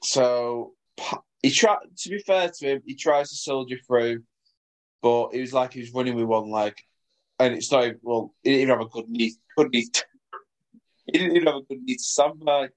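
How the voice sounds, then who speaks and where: Male co-host, mid voice, giggly storyteller. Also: medium pitch. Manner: laughing storyteller, quick bursts. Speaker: podcast co-host. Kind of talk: casual chat.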